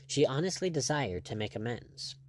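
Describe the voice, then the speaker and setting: This is scripted narration of an adventure novel by a male audiobook narrator, whose mid-range voice delivers a measured yet expressive reading.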